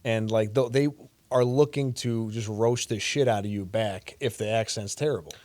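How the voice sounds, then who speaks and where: A man's voice: fairly low pitch, normal speed. A man with a Chicago accent, a comedian guest rambling in a casual podcast chat, swearing often. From Chicago area. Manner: rambling, swears freely, lively impressions.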